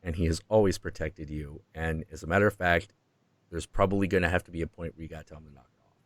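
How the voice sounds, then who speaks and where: A man hosting a stream who tells a story in a profane, excitable way and acts out the quotes. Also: low-pitched, fast, no room sound. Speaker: host.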